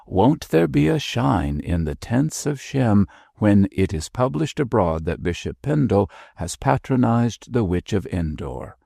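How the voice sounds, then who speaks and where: A man's voice: fairly low pitch, big pitch swings, a little slow, creaky, few pauses, dark tone, slightly rough, no room sound, clean studio sound, exaggerated voice. Man doing a jaunty, teasing young captain. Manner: playful, bantering, irreverent.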